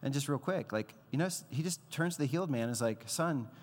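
Animated male pastor in a reverberant hall. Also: mid-range voice, fast. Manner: animated, conversational, acts out quoted voices, many fillers. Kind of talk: sermon.

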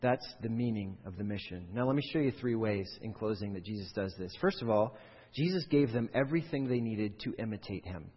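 A man preaching a sermon with a slightly husky voice, moving between plain reading of the text and animated bursts where he acts out quoted voices. The sound is dull and lo-fi, with a long reverb tail from a large hall. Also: brisk. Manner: animated preaching, acts out voices and rises sharply in pitch and volume. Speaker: pastor.

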